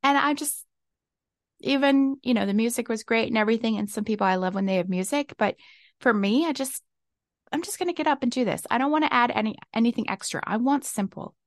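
On her own podcast, a woman chats casually and exuberantly, laughing often, in a slightly high, slightly fast voice. The desk-mic recording is studio quality with no echo.

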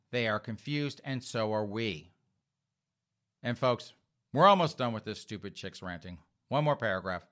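A man's voice: mid-range voice, fairly bright tone. A man hosting an opinion commentary monologue, mocking and sarcastic, repeatedly addressing his listeners directly. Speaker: commentary host.

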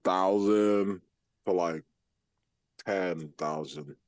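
A man's voice: low-pitched, very slow, dry recording. A man co-hosting a podcast in casual crude banter, rambling with lots of fillers and laughing as he retells stories. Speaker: podcast co-host.

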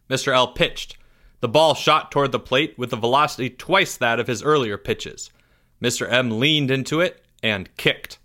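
A man reading a children's story aloud, expressive and dropping softer in tense moments. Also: medium pitch. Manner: expressive, drops softer for suspense. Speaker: narrator.

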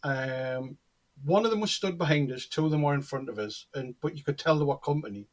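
A man with a fairly high-pitched voice, talking slightly fast, appears as a guest cold reader. In casual conversation he animatedly tells anecdotes and acts out the dialogue in them.

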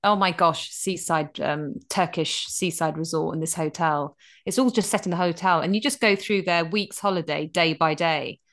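Chatty woman, low voice. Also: moderate pace. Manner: chatty, animated, many restarts. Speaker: radio co-host. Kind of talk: casual chat and film review.

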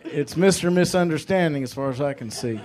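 A man's voice: a little high, brisk, a little mellow, a little hiss or hum. A male comedian guest riffing on absurd wordplay and offbeat non sequiturs at a live podcast taping.

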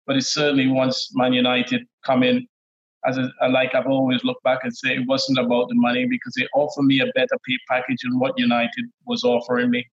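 A middle-aged man with a Trinidadian accent, telling stories as a guest in a relaxed, laid-back way, often laughing. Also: medium pitch, fairly quick. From Trinidad and Tobago. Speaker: guest, former footballer. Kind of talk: casual interview storytelling. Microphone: remote call audio. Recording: dull lo-fi call audio.

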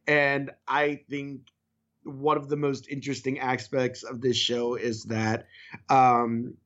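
A man's voice: mid-range voice, little pitch movement, slow, fairly bright tone, muffled recording. A man co-hosting a podcast, chatting loosely and enthusiastically in a casual review conversation, with some filler words. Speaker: podcast co-host.

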